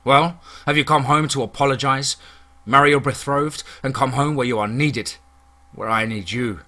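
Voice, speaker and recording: A man's voice: mid-range voice, steady tone, moderate pace, bright, forceful tone, lightly acted. A man voicing a proud, stern old lord of a manor, speaking in a cold, stony way.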